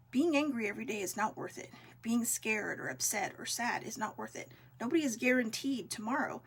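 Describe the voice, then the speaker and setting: Earnest woman giving a gentle pep talk. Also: a little high, breathy edge. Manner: earnest, gentle, uplifting, with many fillers. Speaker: vlog host. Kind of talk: casual heartfelt talk to viewers.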